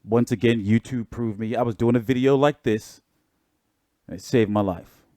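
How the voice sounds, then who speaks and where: A man's voice: mid-range voice, fairly even intonation, normal speed, dark tone, dry recording, studio quality. Laid-back man rambling about boxing. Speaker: boxing channel host. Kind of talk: casual livestream commentary.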